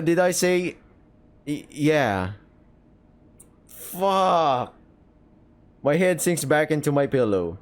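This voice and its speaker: A man reading a visual novel aloud and reacting as he plays, excitable, cursing freely and breaking into quick laughing asides. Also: a little high. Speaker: gaming video creator.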